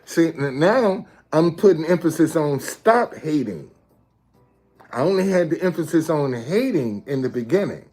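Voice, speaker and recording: Brief: man hosting his own video channel, unhurried and emphatic, higher-pitched speaking voice. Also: animated, a little mellow, soft background music. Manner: repetitive, checks in with viewers often; emphatic, explaining step by step. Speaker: street messenger and video host. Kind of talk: casual talk to viewers.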